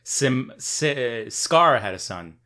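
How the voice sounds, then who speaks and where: A man's voice: medium pitch, animated, slow pace, pushed and bright. A man from Canada co-hosting a comedy and gaming podcast, chatting casually and often trailing off mid-thought. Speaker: podcast co-host. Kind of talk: casual chat.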